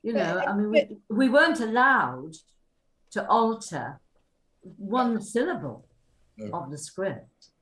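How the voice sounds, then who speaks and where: An older woman with a Welsh accent, an actress telling lively anecdotes at a reunion panel. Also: medium pitch, unhurried, long pauses. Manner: lively storyteller, acts out quotes. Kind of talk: anecdotal casual chat. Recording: echoey room.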